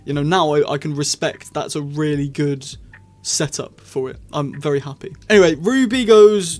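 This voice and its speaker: A man with a fairly high voice talks through his opinions in a loose, rambling way. He restarts sentences often and laughs now and then between points. It sounds like a casual spoken review. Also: fairly quick, darkish tone. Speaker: show reviewer.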